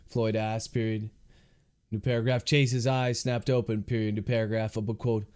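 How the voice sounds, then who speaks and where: A man's voice: fairly low pitch, level tone, moderate pace, darkish tone, clear, resonant tone. An author reading his novel aloud on a livestream, speaking each comma and period as he dictates. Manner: reads out punctuation marks word by word.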